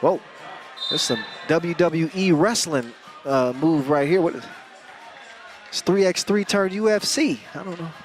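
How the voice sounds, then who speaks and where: A man calling a live game as play-by-play commentator, energetic and jokey. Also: fairly high pitch, unhurried. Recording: arena crowd and music behind. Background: cheering crowd and arena music.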